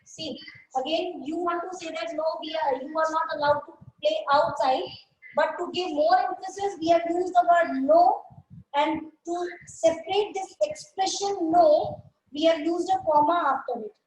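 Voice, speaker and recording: A woman teacher with an Indian English accent, giving a grammar lesson and dictating example sentences slowly, word by word. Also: very high-pitched, steady tone, darkish tone, echoey room, a little hiss or hum, low-quality recording. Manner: slow, deliberate dictation, repeating phrases word by word.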